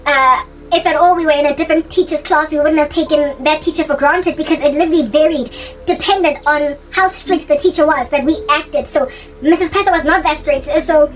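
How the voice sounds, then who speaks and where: Very high-voiced giggly woman. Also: faint music behind. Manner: giggly, animated, quick asides. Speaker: channel host. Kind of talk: casual storytelling.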